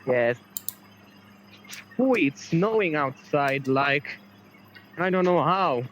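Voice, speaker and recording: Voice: medium pitch, animated, takes it slowly, fairly bright tone, dull audio, slight background noise. A playful friend on voice chat, joking about doing accents while gaming.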